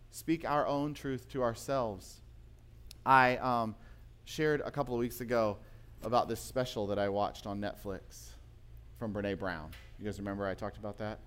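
A male pastor with a mid-range voice preaches a sermon in a church, shifting from emphatic points to quiet, intimate storytelling.

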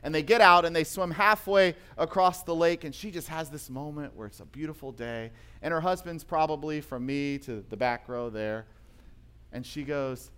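A male pastor preaching a sermon in a church, moving from emphatic points to quiet, intimate storytelling. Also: fairly high pitch, normal speed, clear, resonant tone.

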